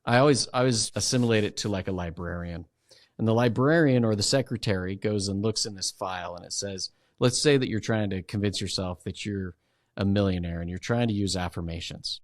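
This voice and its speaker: A man's voice: lowish voice, fairly quick, no room sound, clean studio sound. A man guesting on a podcast, explaining ideas in a conversational way and acting out inner voices as he goes. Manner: animated, acts out inner voices while explaining.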